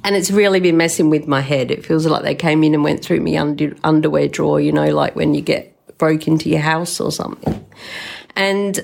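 This is a podcast host, an older woman with a low, slightly mellow, creaky voice and a brisk pace. She rambles emotionally through a casual story and doesn't hold back on the swearing.

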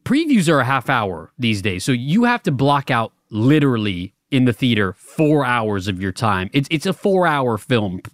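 A young man chatting on a podcast, telling a meandering story full of restarts. His voice sits at an ordinary pitch and sounds dry and close to the mic. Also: big pitch swings, moderate pace, few pauses, no echo. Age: young adult. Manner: rambling, stammers and restarts, laughs at own stories. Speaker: podcast co-host. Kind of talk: casual chat.

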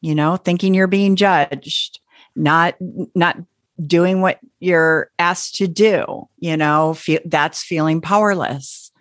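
A woman working as a parenting coach, explaining calmly and gently in a casual talk. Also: fairly low pitch, slow pace, no room sound, studio quality.

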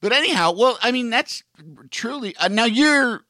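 A male host with a lively, swooping pitch, talking in a loose, rambling way full of fillers. His voice is recorded dry and close, with no room sound. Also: moderate pace, dry recording. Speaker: podcast host. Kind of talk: casual interview chat.

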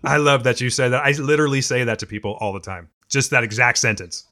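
A man's voice: medium pitch, fairly even intonation, fast, sharp tone. A man in casual conversation, speaking earnestly and carefully hedging his points.

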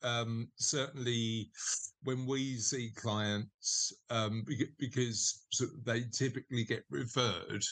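A man's voice: medium pitch, fairly even intonation, slow, a bit bright, no echo. A man being interviewed as a financial adviser, answering thoughtfully and hesitantly with restarts.

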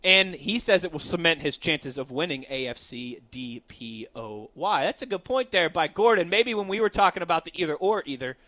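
Male sports radio co-host, high bright tone, dry studio sound, reads listener questions. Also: lively intonation, fairly quick, hardly any pauses, no echo. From Pittsburgh area. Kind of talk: casual sports radio chat. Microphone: studio microphone.

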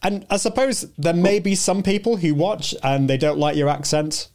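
Relaxed man giving advice. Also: on the high side, normal speed. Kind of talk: casual podcast conversation.

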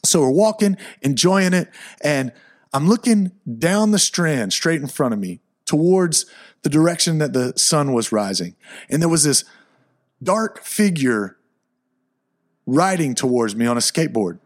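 A man telling a personal story in a casual, animated way, dropping into low asides and rising into excited bursts. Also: a little slow.

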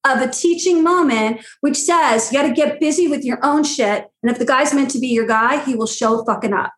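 High-voiced blunt woman, roomy sound. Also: brisk, a bit bright. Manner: blunt, profane, acts out quotes in a shrill voice. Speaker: matchmaker guest. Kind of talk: animated storytelling chat.

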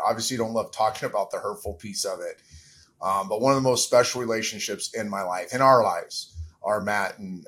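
A man's voice: fairly low pitch, a bit bright. A middle-aged man, a podcast guest, telling a personal story candidly and with emotion, as if holding back tears. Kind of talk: interview.

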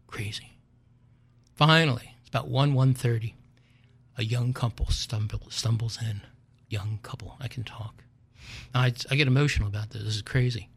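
An older man hosting a show, telling a comic story in a wry, animated way and chuckling at his own tale. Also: medium pitch, slightly rough. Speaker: podcast host.

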